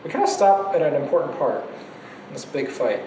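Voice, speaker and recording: A man's voice: fairly high pitch, animated, a little fast, dark tone, a little hiss or hum. Chatty man teaching, echoey distant room. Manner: chatty, laughs between points. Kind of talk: casual classroom lecture.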